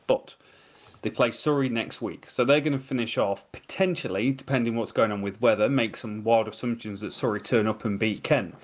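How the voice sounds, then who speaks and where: A man's voice: mid-range voice, normal speed. A man co-hosting a cricket podcast, rambling through opinions in a casual way. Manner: rambling, opinionated, tells anecdotes. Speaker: podcast co-host.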